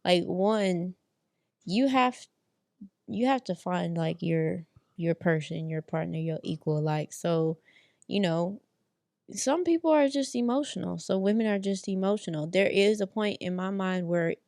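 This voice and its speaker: A woman's voice: fairly low pitch, lively intonation, a little slow, a little mellow, no room sound, clean studio sound. Woman guest talking it through on a podcast. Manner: thoughtful, agreeable, reflective. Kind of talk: casual podcast chat.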